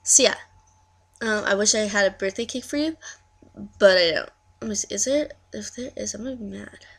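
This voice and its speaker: Gravelly-voiced teen girl with a lisp. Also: medium pitch, a little fast, fairly bright tone. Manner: rambling, self-deprecating, giggly. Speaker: vlogger. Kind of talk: casual birthday video message.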